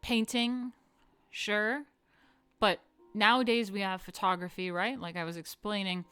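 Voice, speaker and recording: A woman's voice: mid-range voice, steady tone, measured pace, pushed and bright, clean tone, no echo, faint music behind. A woman hosting a casual art history lecture, chatty and swearing, often drifting into asides. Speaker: host.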